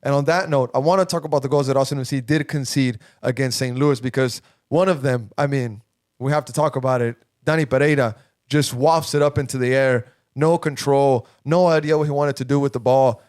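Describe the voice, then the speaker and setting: A man hosts a sports podcast in lively casual chat. His voice is smooth and clear. He argues back keenly, and the close mic keeps the sound dry. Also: mid-range voice, a little fast, dry recording. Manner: chatty, animated, argumentative. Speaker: podcast host.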